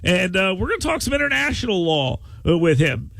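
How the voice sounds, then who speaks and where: A man's voice: sits high, big pitch swings, a little fast, gravelly, fairly bright tone, no room sound. A man hosting a talk radio show, brash and joking, rambling through his opinions in casual banter. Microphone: studio microphone.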